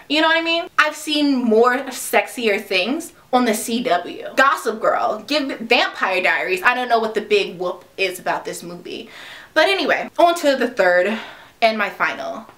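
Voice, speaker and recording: A woman's voice: on the high side, fairly bright tone. A young adult woman giving a casual, chatty movie review with lots of fillers. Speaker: vlogger.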